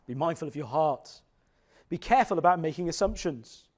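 Male preacher, middle-aged, slightly high voice, expressive, slows down for emphasis. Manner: expressive, drops to slow quiet emphasis on scripture. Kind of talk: sermon.

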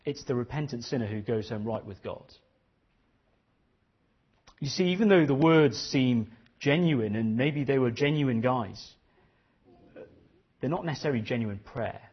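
A man preaching a sermon with earnest, probing questions and frequent repetition. His voice is husky at mid pitch. The recording sounds dull and lo-fi. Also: lively intonation, measured pace, pauses often. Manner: earnest, questioning, repeats phrases.

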